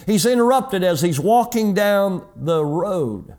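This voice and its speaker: Man, pastor, sermon, high-pitched, middle-aged, acts out dialogue. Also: big pitch swings, slow, few pauses, darkish tone. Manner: storytelling, acts out dialogue in changing voices. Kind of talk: sermon with personal story.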